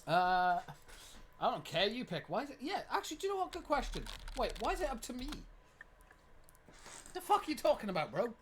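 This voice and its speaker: Animated young streamer. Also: high voice, fast, slight background noise. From United Kingdom. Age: 20s. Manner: animated, swears a lot, reads game text aloud. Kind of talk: live gameplay commentary.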